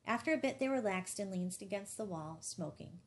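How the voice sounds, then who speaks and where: A woman reading a novel aloud as an audiobook narrator, measured and even. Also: medium pitch. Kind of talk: scripted narration.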